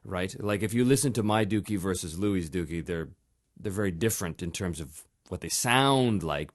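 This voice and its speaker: Lively low-voiced man reading listener mail. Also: moderate pace. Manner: reads listener mail aloud, laughing often. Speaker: podcast host. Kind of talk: casual podcast chat.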